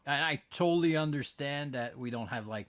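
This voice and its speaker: A man's voice: mid-range voice, moderate pace, fairly bright tone, no echo. A man hosting a podcast from home in casual chat, rambling with many fillers and restarts. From Canada. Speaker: podcast host. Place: at home with his dog.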